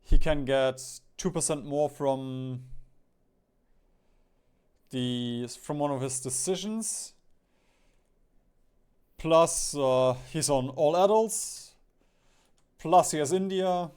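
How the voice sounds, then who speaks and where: Young male streamer, slightly high voice, unhurried thinking-aloud game commentary with chuckles. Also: a little mellow, clean tone. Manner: muses aloud, often chuckles.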